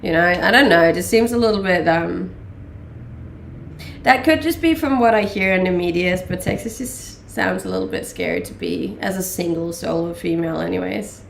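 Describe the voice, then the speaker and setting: Woman in her late twenties, Danish accent with a blended English twist, gravelly voice, roomy sound, casual streamer chat. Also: fairly low pitch, expressive, normal speed, slight background noise. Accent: Danish with mixed English accents. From Denmark. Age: late 20s. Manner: chatty, many ums and laughs. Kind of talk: casual chat reading live chat.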